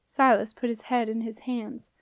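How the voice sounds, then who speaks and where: A woman reading a children's fantasy novel aloud in an even, measured storytelling voice. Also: a little high, no echo. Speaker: audiobook reader. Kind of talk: audiobook narration.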